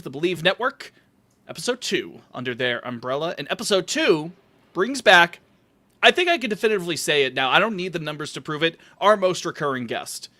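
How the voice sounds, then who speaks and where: A man's voice: fairly high pitch, sharp tone. A man hosting a casual podcast over a call, upbeat and joking with rambling asides. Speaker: podcast host.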